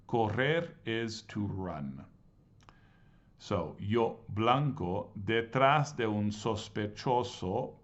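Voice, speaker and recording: Patient male teacher with a low voice, careful syllable-by-syllable delivery; slightly muffled lo-fi audio. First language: English. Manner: patient, reads Spanish slowly and syllable by syllable. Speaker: Spanish teacher. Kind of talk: explaining grammar exercises.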